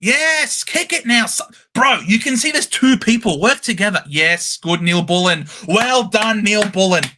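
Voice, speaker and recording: A man hosting a live-stream football watchalong, calling the play with animated cheers and banter. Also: high-pitched, measured pace. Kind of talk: excited live sports commentary.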